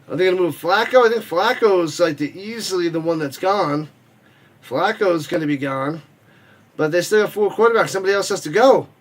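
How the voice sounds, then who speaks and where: A man with a notably high-pitched voice hosts a live football watch party stream. He rambles casually, cracks jokes, and reads viewer comments aloud between quick play-by-play calls.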